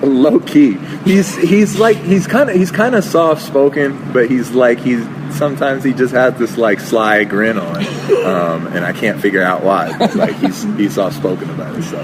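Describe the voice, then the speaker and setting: A man, a football player guest, answering interview questions in a halting, thoughtful way with frequent restarts. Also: mid-range voice, background noise.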